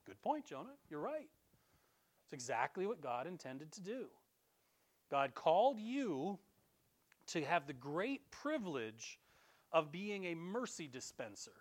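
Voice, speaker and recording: A middle-aged man gives a sermon in a church, talking to his congregation like he's chatting with them. His voice sits a little high and jumps around a lot, rising when he quotes scripture. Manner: animated, conversational preaching, quotes scripture in a raised voice. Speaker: pastor. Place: church sanctuary.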